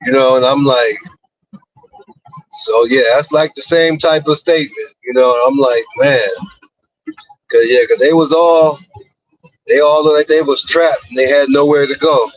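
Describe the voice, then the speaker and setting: A man's voice: mid-range voice, steady tone, a little slow, pauses often. A man calling in on his phone while driving, talking conversationally and repeating himself. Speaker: caller. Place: in a moving car. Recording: dull phone line with road noise.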